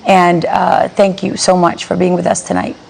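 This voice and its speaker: A woman hosting a news show, presenting from a script in a smooth delivery. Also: lowish voice, monotone, moderate pace, a little mellow, slight background noise.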